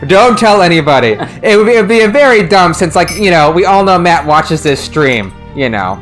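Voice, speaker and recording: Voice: mid-range voice, expressive, a little fast, fairly bright tone, soft background music. Rambling, laughing stream host. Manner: rambling, lots of "like" and restarts, laughs often. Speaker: streamer, translation discussion host. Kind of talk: casual stream chat.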